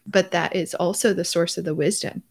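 A woman's voice: on the low side, fairly even intonation, fairly quick, vocal fry, breathy edge. A young woman co-hosting a podcast, talking casually in an effusive, rambling way full of restarts. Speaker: podcast co-host. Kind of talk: casual chat.

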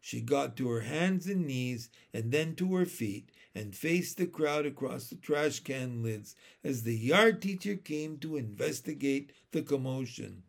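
A man reading a children's chapter book aloud in an expressive, unhurried way. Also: mid-range voice, creaky. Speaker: storyteller.

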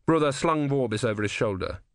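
A male audiobook narrator with a mid-pitched voice and a lively, varied delivery. He tells the story in a wry, measured way, recorded dry and close with no room sound. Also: no echo. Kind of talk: scripted narration.

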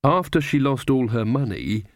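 A man voicing a prim, smug young woman witch in a storybook reading, speaking slowly and precisely. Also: medium pitch, lively intonation, no echo, studio quality, close to an everyday voice. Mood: prim, disapproving.

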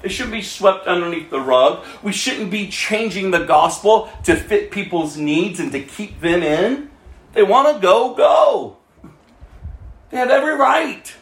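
A male pastor with a high voice delivers an impassioned sermon. He swings from loud, emphatic lines down to quiet, hushed asides. The sound carries a roomy echo.

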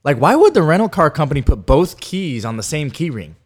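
A man's voice: on the high side, sing-song, a little fast. A man co-hosting a podcast, telling rambling stories with many fillers and laughs. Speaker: podcast co-host. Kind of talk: casual storytelling chat.

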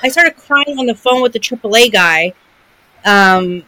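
A woman's voice: a little high, animated, measured pace, a crowd in the background, low-quality recording. A woman in her forties, co-hosting a podcast and telling an emotional personal story in casual chat, full of fillers and restarts. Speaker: podcast co-host.

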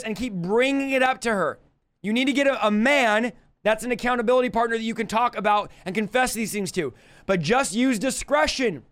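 A man's voice: very high-pitched, a bit bright, smooth. A male preacher giving a live teaching, emphatic and repetitive as he urges listeners.

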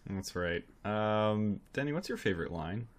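Low-voiced, laid-back male podcast co-host. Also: expressive, normal speed, slight background noise. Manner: laid-back, wry, chuckling. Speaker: podcast co-host reviewing films. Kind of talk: casual chat.

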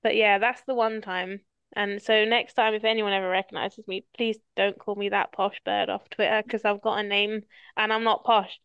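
A woman's voice: mid-range voice, little pitch movement, normal speed, gravelly, smooth, no room sound, dull audio. A woman hosting a podcast, telling stories in casual chat and swearing freely. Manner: chatty storyteller, swears casually. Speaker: podcast host.

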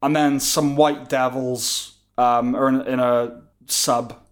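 A man's voice: mid-range voice, little pitch movement, slow pace. A man co-hosting a podcast, casually recapping a film in a dry, offhand, joking way. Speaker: podcast co-host. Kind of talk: casual film review chat.

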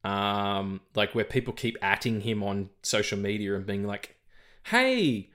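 A man's voice: lowish voice, little pitch movement, moderate pace, fairly bright tone. An Australian man co-hosting a podcast in casual chat, rambling and swearing, often repeating words as he stumbles. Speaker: podcast co-host.

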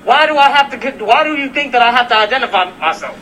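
A man confronts someone outdoors on a residential street, angry, profane and relentless, filming the exchange on his phone. His voice sits very high for a man and has a sharp, piercing edge. A faint hum of street noise runs behind him. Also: expressive, fast, rough recording. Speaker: delivery worker.

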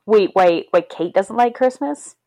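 A woman podcast co-host casually talks through a movie's scenes, chatty and laughing often as she acts out lines in quoted voices. Her medium-pitched, warm voice has lively intonation and a measured pace, recorded dry.

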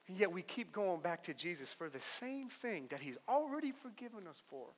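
Young man, pastor, high bright voice, swings between soft and emphatic preaching, reverberant church hall. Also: big pitch swings, moderate pace, hardly any pauses. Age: young adult. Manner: tells stories with playful put-on voices. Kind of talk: sermon. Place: church auditorium.

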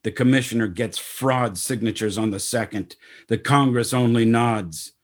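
A man's voice: medium pitch, normal speed. A man narrating a spoken-word story in terse, poetic fragments.

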